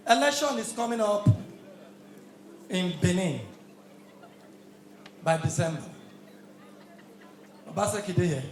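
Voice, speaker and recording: A man doing live stand-up comedy with a Nigerian Pidgin English accent, delivering loud, punchy, shouted punchlines. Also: sits high, roomy sound, a little hiss or hum.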